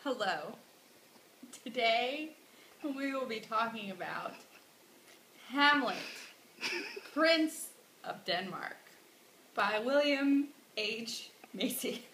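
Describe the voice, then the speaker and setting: A woman's voice: fairly high pitch, expressive, very slow, pauses often, fairly bright tone, roomy sound, slight background noise. A woman telling a classic story in a rambling, giggly way, with sudden dramatic outbursts. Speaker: drunk storyteller. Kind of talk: tipsy comic retelling of a classic play.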